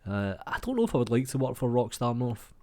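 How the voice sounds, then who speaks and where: A man's voice: medium pitch, big pitch swings, fairly quick, dark tone. A young adult man, casually chatting through viewer comments while getting over a cold, swearing freely and calling everyone mate. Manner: laid-back, swears freely, says mate a lot. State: has a cold. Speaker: YouTube creator.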